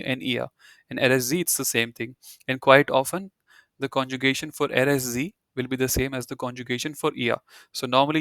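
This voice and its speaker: A man's voice: mid-range voice, fairly bright tone, no room sound, studio quality. A man teaching German in an online video-call class, explaining at an easy pace with many "you know" fillers.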